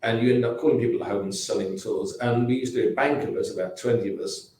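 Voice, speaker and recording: A man's voice: mid-range voice, fast, darkish tone, a little hiss or hum. Echoey English man in his sixties, rambling. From England. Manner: rambling anecdotes, frequent restarts and asides. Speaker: company founder guest. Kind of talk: casual interview talk. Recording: very echoey room.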